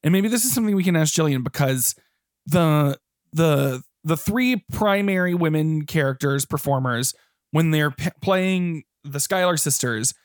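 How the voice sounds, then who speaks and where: A man's voice: fairly high pitch, animated, normal speed, no room sound, clean studio sound. A man co-hosting a podcast, talking enthusiastically about a stage musical and swearing casually. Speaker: podcast co-host. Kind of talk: casual theater discussion.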